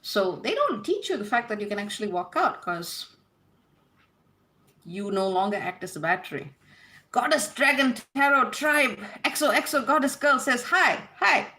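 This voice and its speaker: Bright-voiced woman reading chat aloud. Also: fairly high pitch, animated, moderate pace. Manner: reads viewer comments aloud and answers, laughing easily. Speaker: host answering live chat questions. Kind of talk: casual livestream Q&A.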